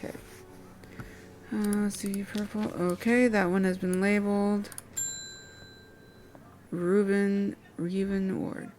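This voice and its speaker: A woman's voice: mid-range voice, little pitch movement, slow, long pauses, a little mellow, slight background noise. A woman streamer chatting casually and thinking aloud while she plays a game. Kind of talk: casual gameplay commentary.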